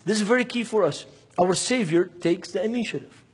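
A man preaches an impassioned sermon, firing rhetorical questions at his listeners. His voice is high-pitched with a breathy edge, and he talks a little fast.

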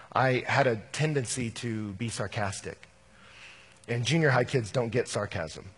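Man, pastor, sermon, husky voice, mid pitch, storytelling delivery. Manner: storytelling, swings from animated to quiet and intimate.

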